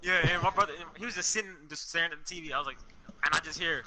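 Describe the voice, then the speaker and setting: A young man telling a story in a casual, animated way, full of slang and swearing, on a podcast with friends. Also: on the high side, fast, low-quality recording. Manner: animated, profane, street slang. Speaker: podcast co-host.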